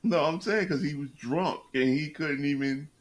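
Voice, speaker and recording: A man's voice: fairly high pitch, normal speed. Joking male podcast co-host. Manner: laughing, joking reactions. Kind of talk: casual chat.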